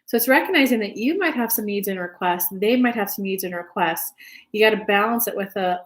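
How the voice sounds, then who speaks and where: A spiritual advice channel host with a mid-range voice talks fast and expressively about relationships. She's chatty and loose, curses now and then, and acts out little dialogues.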